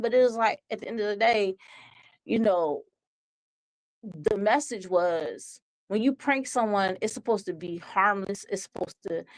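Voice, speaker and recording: A woman's voice: medium pitch, low-quality recording. A woman hosting a web talk show who rambles conversationally, padding her thoughts with "like" and "you know".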